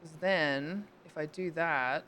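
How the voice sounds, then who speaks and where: A woman's voice: low-pitched, slow, fairly bright tone, a little hiss or hum. A young woman streaming a game live, chatting with viewers and thinking aloud, swearing casually and breaking into squeals. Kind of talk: casual live-stream chat while playing.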